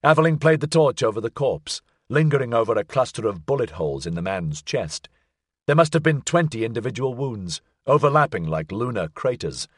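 A man narrating an audiobook thriller in an expressive, suspenseful reading. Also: medium pitch, a little fast, husky, dry recording, clean studio sound. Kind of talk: scripted narration.

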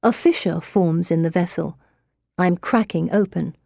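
A woman narrating a first-person novel aloud, expressive with a bitter, wry edge. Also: fairly low pitch, unhurried, gravelly, no echo, studio quality. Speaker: audiobook narrator.

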